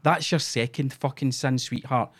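A man's voice: mid-range voice, fairly even intonation, moderate pace, a bit bright, slightly rough. A Scottish man co-hosting a casual chat, ranting and swearing with heavy sarcasm. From Scotland.

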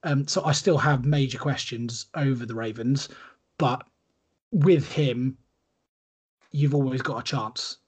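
A man's voice: mid-range voice, a little slow, long pauses, breathy edge. A man co-hosting a podcast, analysing sport in casual chat with hesitant restarts. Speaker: podcast co-host.

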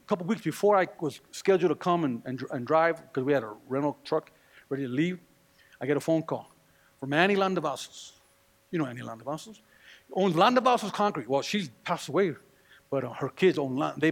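A man pastor preaching a sermon to a congregation, animated, acting out quoted voices and firing rhetorical questions at the room. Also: a little high, creaky. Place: church before a congregation.

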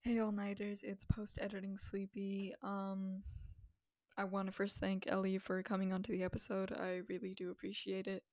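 A woman's voice: medium pitch, monotone, moderate pace, darkish tone, dry recording, clean studio sound. A young woman hosting a casual podcast, chatty and giggly with informal slang. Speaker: podcast host.

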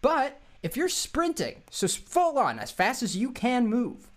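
A man's voice: very high-pitched, very animated, unhurried, a bit bright. A young man co-hosting a casual comedy podcast, rambling through playful bits and puns. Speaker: podcast co-host.

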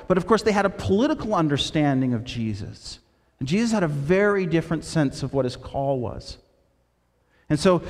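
A man preaching in a big, reverberant hall, his voice sitting a little high for a man. He tells the story with energy and drops to a soft, low tone for the quoted words. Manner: storytelling with quoted voices, shifting between loud and hushed. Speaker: pastor. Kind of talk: sermon.

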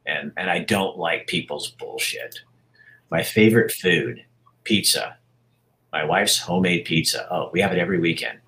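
A man in his sixties being interviewed, talking frankly and reflectively about his life, with halting restarts. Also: low-pitched, bright, forceful tone, poor audio. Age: 60s. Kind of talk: candid personal interview.

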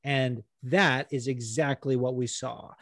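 This is a man co-hosting a sports chat show, talking fast and loose with plenty of swearing and filler words. His voice sits at an ordinary pitch. The sound is close and dry, with no room around it. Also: no echo. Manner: animated, swears freely, many fillers. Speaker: podcast co-host.

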